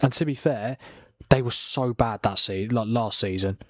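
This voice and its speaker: A man's voice: mid-range voice, normal speed, dry recording. Chatty young man streaming football. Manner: chatty, swears, laughs, reads out viewer chat. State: tired from a long night of watching. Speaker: watchalong streamer. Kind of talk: casual live-stream football chat.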